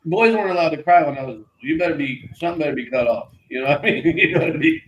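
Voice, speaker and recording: A middle-aged man co-hosting a casual morning talk show, telling lively stories with laughter and putting on voices of the people in them. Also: fairly high pitch, fast talker, echoey room, muffled recording. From Florida. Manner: animated, laughing, acts out voices in his stories. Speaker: co-host. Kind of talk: casual storytelling chat.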